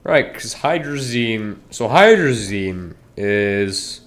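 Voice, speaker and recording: A man's voice: fairly low pitch, expressive, takes it slowly, fairly bright tone. A man chatting casually to his viewers while streaming a game, rambling and cutting himself off mid-sentence. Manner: rambling, self-interrupting, talks straight to chat.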